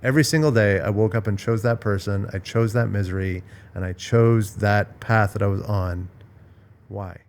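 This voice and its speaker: A middle-aged man with a somewhat low voice hosts a relaxed podcast chat. He talks frankly and with emphasis and drops in the odd swear word. A faint hiss sits under his voice. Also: moderate pace. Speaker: podcast host. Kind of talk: casual podcast conversation.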